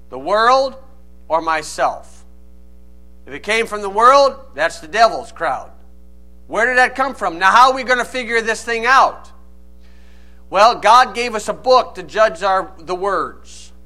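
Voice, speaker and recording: A man's voice: high-pitched, bright, forceful tone. A man preaching a sermon, reading old scripture aloud and then explaining it in plain, folksy asides. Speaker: pastor.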